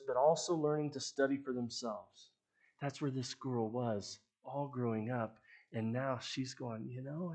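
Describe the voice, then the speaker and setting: A middle-aged man preaching a sermon, telling stories in an earnest way that often trails off softly. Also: medium pitch, vocal fry. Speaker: pastor.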